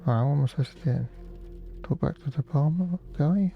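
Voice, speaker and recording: A man's voice: a little high, brisk, vocal fry, dark tone, soft background music. A man giving wry, offhand commentary while playing a game. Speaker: gamer. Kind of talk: let's play commentary.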